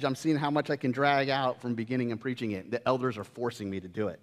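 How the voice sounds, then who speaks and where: A male pastor preaching a sermon in a church, playful and lively, quizzing his congregation. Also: mid-range voice, fast talker, hardly any pauses. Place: church sanctuary. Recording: long reverb of a church hall.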